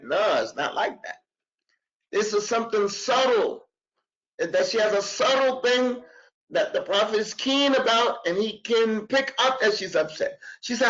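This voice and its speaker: A man teaching a religious class, animated, repeating himself and acting out quotes. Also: high-pitched, measured pace, highs cut off. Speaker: Arabic teacher.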